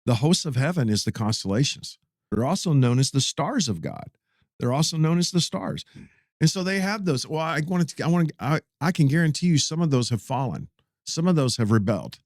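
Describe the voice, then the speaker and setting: A pastor in his fifties telling a story in a casual interview, animated and folksy, often repeating his words. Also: on the high side, a little fast, no echo, clean studio sound.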